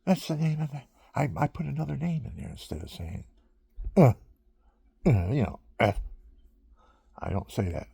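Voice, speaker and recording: A man's voice: medium pitch, very animated, normal speed, gravelly, long pauses, warm tone, slightly rough, no room sound, clean studio sound. A man rambling through stories in a casual monologue he is taping himself, drifting from one thing to the next and chuckling often.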